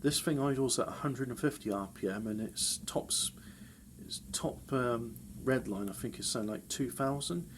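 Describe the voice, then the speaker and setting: A man's voice: medium pitch, fairly quick, hardly any pauses, background noise. A man in casual chat, rambling and correcting himself with wry asides.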